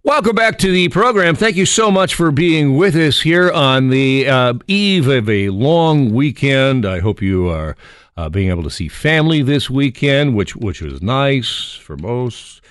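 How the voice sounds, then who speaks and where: A man hosting a talk radio show, animated and jokey, with frequent restarts. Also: medium pitch, measured pace, no room sound, studio quality.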